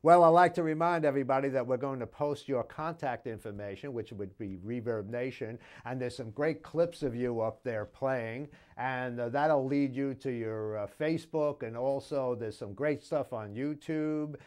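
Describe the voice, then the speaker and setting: Male host, mid-pitched, rambling and easygoing, casual interview. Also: moderate pace, hardly any pauses, a little mellow. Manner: easygoing, rambling, keeps calling the guest buddy. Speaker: show host interviewing a musician.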